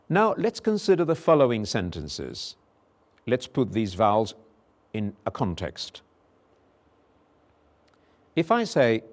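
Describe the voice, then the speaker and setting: Man, English pronunciation teacher, recorded lesson, very measured pace, deliberate repetition. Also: lowish voice, big pitch swings. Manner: slow and deliberate, repeating example words carefully.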